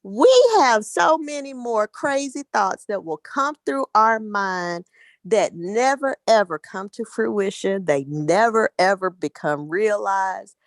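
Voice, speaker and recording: A woman's voice: mid-range voice, slow, no echo. A woman in a group discussion, speaking in an earnest, reflective way. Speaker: group member. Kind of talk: casual discussion.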